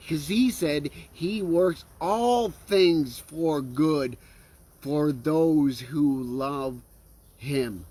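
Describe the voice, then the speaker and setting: This sermon comes from a man whose warm voice leans high. Earnest throughout, he restarts phrases regularly and checks on his listeners with many an "okay?" or "right?"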